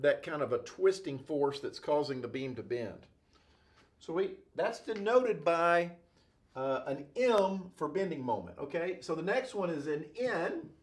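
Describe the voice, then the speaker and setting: A man's voice: a little high, darkish tone. A male engineering instructor giving a classroom-style lecture at a whiteboard, playful and jokey, checking in with "okay?" and "right?" all the time.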